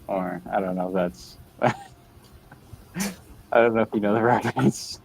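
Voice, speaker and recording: A man's voice: fairly low pitch, steady tone, unhurried, vocal fry, a little mellow, slight background noise. A man hosting a casual chat while drawing, playful and goofy, with mock-offended banter. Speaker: host.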